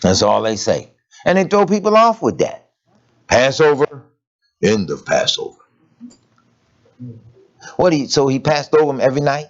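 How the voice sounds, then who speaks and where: A man preaching a sermon in a lively, conversational way, asking rhetorical questions and laughing as he goes. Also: mid-range voice, normal speed, pauses often. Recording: dull lo-fi recording.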